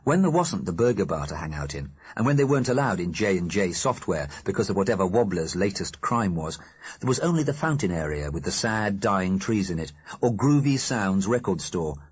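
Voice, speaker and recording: A man narrating an audiobook in a measured, wry storytelling manner. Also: sits low, lively intonation, slightly rough. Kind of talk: scripted narration.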